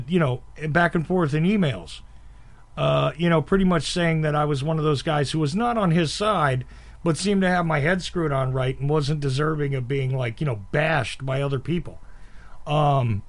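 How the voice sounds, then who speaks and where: A man's voice: on the high side, gravelly. A man from the northeastern US talking casually as a host, blunt and self-described abrasive, with frequent laughs. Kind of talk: casual conversation.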